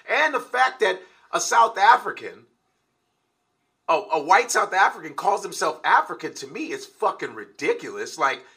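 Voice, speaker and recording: A man rants in a casual conversation, swearing hard and pressing each point. His voice is extremely forceful and tense, and sits a bit high for a man. He talks in loose, heated bursts. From United States. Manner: profane, emphatic ranting.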